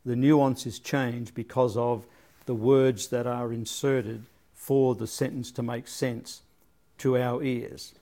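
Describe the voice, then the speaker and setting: A man's voice: mid-range voice, flat delivery, takes it slowly, warm tone. A man leading a casual Bible study, thinking aloud and often repeating words as he searches for his phrasing.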